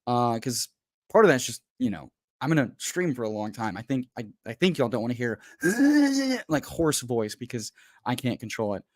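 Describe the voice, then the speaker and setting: A man's voice: medium pitch, very animated, normal speed, dry recording, clean studio sound. Hyped, folksy man hosting a livestream. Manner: hyped and folksy, keeps calling people brother; bursts into loud shouted pep talk. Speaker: host. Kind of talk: casual livestream chat. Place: home.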